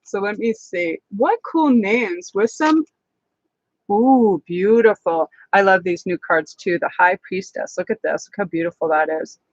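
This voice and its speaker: A bubbly, rambling woman in her forties gives a live tarot reading from home into a camera on a tripod. Her voice sits at a middling pitch and sounds dry and a bit dull. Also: normal speed, no echo. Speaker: tarot reader.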